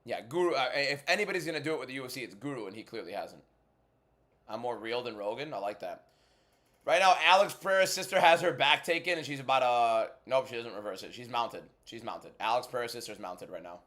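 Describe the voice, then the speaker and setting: A man hosting a casual fight watchalong livestream, blunt and bantering as he answers chat, moving between a subdued inside voice and loud hyped delivery. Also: mid-range voice, quick pace. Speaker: MMA content creator and livestream host.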